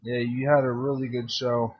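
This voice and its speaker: A man's voice: mid-range voice, level tone, normal speed, slightly rough, lo-fi sound. A man co-hosting a casual chat over a call, giving short, plain replies. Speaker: co-host on a call.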